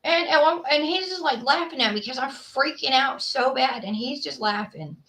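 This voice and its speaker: A woman hosts a livestream, chatting casually with her viewers and rambling with many fillers. Her high voice is expressive and a bit bright, at a moderate pace.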